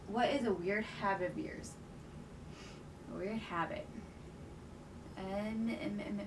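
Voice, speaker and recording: Chatty young woman, distant mic. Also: mid-range voice. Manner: chatty, rambling, lots of "um" and "like". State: out of breath. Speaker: vlogger. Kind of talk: casual chat answering a question tag. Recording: distant mic with clear background noise.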